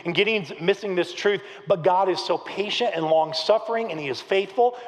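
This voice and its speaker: A middle-aged male pastor preaches in a large church, swinging into lively acted-out quotes as he tells a story. His voice sits high for a man. The sound carries a long hall reverb. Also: normal speed. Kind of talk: sermon.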